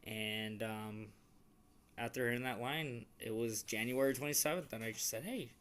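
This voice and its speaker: A man's voice: medium pitch, normal speed, fairly bright tone, smooth. A young man chatting casually on a couple's vlog, earnest and rambling, with many restarts. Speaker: vlogger.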